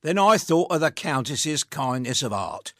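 A man's voice: medium pitch, big pitch swings, measured pace, bright, forceful tone, no room sound, studio quality. A man reciting a comic verse monologue as a grumbling street watchman, in a rhythmic, rueful manner. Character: grumbling working-class street watchman telling his tale.

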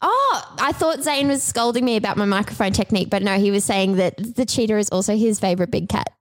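A woman co-hosting a podcast in casual chat, bubbly and theatrical, now and then bursting into loud exclamations. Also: medium pitch, expressive, quick pace. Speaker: podcast co-host.

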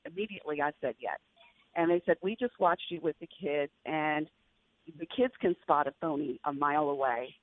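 A woman's voice: on the low side, dry recording. An older woman, a veteran journalist, telling an emotional personal story as a radio guest, with earnest restarts. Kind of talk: heartfelt interview storytelling. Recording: tinny phone-like radio line.

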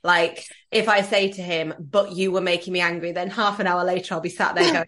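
A woman hosting a podcast interview, talking earnestly and reflectively and growing animated when she quotes others. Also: on the low side, a little fast, few pauses. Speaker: podcast host. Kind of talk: conversational interview.

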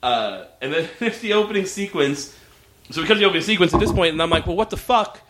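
A man's voice: a little high, quick pace. A man co-hosting a podcast, chatting casually and profanely as he recaps a TV episode. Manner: animated, profane, acts out characters. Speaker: podcast co-host.

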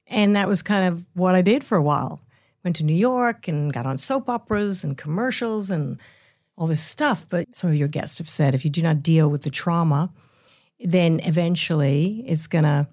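An older woman in her seventies speaks as an interview guest, with a slightly low voice. She tells her story candidly and in a roundabout way, often laughing. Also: expressive, normal speed, darkish tone. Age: 70s. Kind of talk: casual interview.

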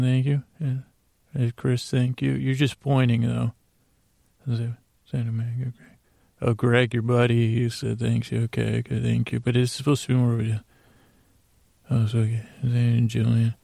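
Gravelly, flat-voiced man rambling drowsily. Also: medium pitch, no room sound. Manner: meandering, mumbling, playful asides. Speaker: podcast host. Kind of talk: rambling bedtime podcast talk.

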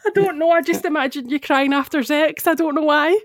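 Teasing woman, higher voice. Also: a little fast, no echo, studio quality. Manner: chatty, teasing, laughs easily. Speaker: podcast co-host. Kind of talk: casual chat.

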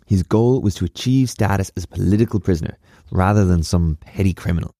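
A man's voice: low voice, fast, dark tone, dry recording, studio quality. A man hosting a history podcast, reading a script in a casual, wry way with sarcastic asides. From Ireland.

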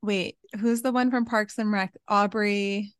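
Woman from New York, podcast co-host, medium pitch, dry close mic, easy laughter. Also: clean tone, no room sound. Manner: calm, laughing often, quick asides. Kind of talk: casual chat. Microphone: headphones and mic at home.

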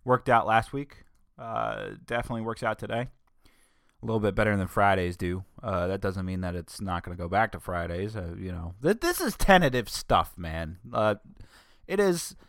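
A man's voice: on the low side, animated, moderate pace, gravelly, no room sound, studio quality. A young man from northern Delaware hosting his own podcast, rambling in a casual chat with self-corrections and joking asides. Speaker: podcast host. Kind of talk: casual solo podcast monologue.

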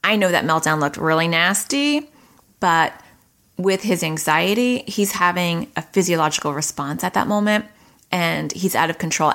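A woman's voice: lowish voice, a bit bright. A middle-aged woman therapist giving conversational advice to parents, explaining behavior through analogies and acting out quoted dialogue. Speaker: child anxiety therapist.

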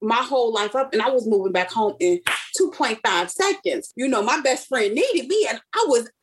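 A woman's voice: on the high side, moderate pace, background noise. A young woman from Chicago casually telling a personal story, acting out the voices of the people she quotes. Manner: animated storyteller who acts out quoted speech. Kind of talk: casual chat.

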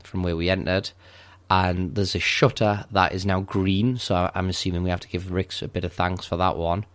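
A man's voice: sits low, level tone, moderate pace, dry recording. A man co-hosting a casual podcast, recounting a video game level step by step in a methodical way. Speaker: podcast co-host. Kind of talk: casual game walkthrough chat.

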